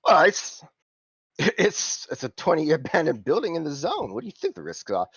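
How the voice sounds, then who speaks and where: A man's voice: a little high, huge pitch swings, moderate pace, gravelly, husky, dry recording, lo-fi sound, voice pushed up, full character voice. A man voicing a brash, green-skinned punk lizard-man fixer with a cheeky, wheedling way of haggling.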